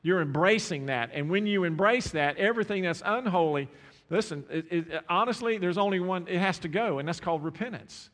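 A man preaching a sermon, impassioned, repeating words and swinging from quiet asides to raised exclamations. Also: high-pitched, a little fast. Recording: long hall reverb.

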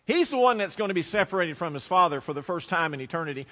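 A man with a Southern American accent preaching a sermon, telling stories and slowing down or dropping to a hush to stress a point. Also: high-pitched, expressive. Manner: storytelling preacher, slows and drops to a hush for emphasis. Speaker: pastor. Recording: long reverb of a large hall.

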